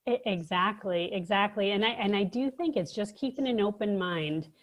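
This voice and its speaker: A woman's voice: mid-range voice, moderate pace, highs cut off. A woman on a podcast as a guest, talking in a casual, reflective and agreeable way. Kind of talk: casual conversation.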